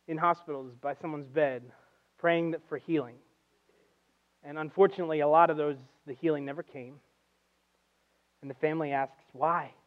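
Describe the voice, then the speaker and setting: A man with a high, light voice preaches a conversational sermon in a church. He tells stories like everyday talk, swings between hushed and loud, and the recording sounds a little dull and lo-fi. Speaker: guest preacher.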